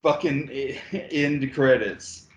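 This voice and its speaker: Slow, laid-back man in an echoey room. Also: medium pitch, highs cut off. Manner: laid-back, halting, many fillers and swears. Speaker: podcast co-host. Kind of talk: casual movie review chat.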